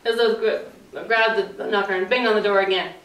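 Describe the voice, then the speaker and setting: A woman childcare teacher reading a picture book aloud at story time, affectionate and expressive. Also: mid-range voice, fast talker, noisy background. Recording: roomy, distant mic.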